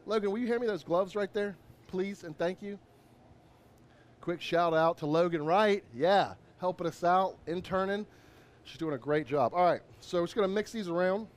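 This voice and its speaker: Male chef, upbeat and chatty, high-pitched, cooking demo host. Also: normal speed. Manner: upbeat, chatty, lots of shout-outs.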